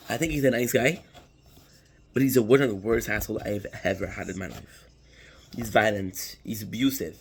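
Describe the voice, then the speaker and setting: A young man tells a story straight to the camera while eating. He rambles and swears, restarts his sentences often, and keeps a medium pitch. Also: breathy edge, poor audio. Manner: rambling, profane, frequent restarts. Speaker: vlogger.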